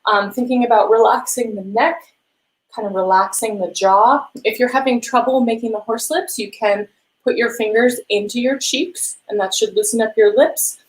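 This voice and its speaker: A woman vocal coach leading a live-streamed warm-up lesson, encouraging and gently guiding listeners through sung exercises. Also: a little high, fairly even intonation, normal speed, poor audio. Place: home room with a piano.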